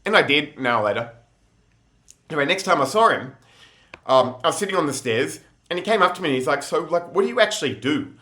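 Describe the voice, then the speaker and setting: A man's voice: fairly high pitch, lively intonation, fast, long pauses, sharp tone. A young man telling rambling, laughing, slangy stories in a casual monologue. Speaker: vlogger.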